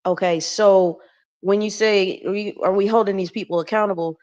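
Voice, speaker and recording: A woman speaking on a casual panel discussion in a deliberate, halting way. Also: medium pitch, fairly even intonation, a little mellow. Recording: dull lo-fi audio.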